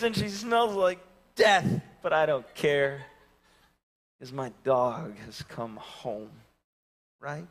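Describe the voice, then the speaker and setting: A man in his thirties preaching a sermon and telling a story, swinging from loud calls to hushed near-whispers. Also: a little high, slow pace, long pauses, long reverb tail. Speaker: pastor.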